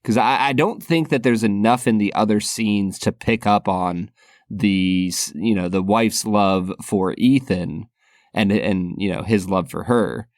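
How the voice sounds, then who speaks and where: A man's voice: lowish voice, measured pace, no echo, clean studio sound. A man co-hosting a podcast, talking casually and thoughtfully about a film and laughing often. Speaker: podcast co-host.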